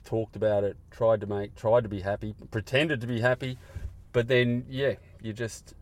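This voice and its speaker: Earnest, halting man, low voice. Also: level tone, darkish tone. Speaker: podcast guest. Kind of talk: candid conversation. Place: car park.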